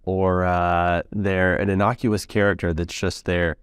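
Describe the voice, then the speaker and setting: An American man with a very low voice hosts a relaxed podcast interview, tossing out jokes and loose asides full of "like" and "uh". The sound is close and dry. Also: a little slow, clear, resonant tone, no echo. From United States. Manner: easygoing, joking, filler-heavy. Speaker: podcast host. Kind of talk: casual interview chat.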